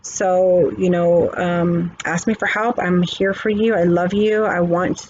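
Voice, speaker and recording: A woman's voice: lowish voice, steady tone, takes it slowly, a little mellow, muffled recording, slight background noise. A woman, a spiritual reader, talking casually in a preachy pep-talk way, often checking in with "okay". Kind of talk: casual chat.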